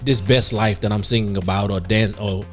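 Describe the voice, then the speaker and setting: A man's voice: lowish voice, fairly even intonation, moderate pace, soft background music. A man in his fifties, co-hosting a podcast in casual chat, telling self-mocking stories with frequent laughs. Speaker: podcast co-host.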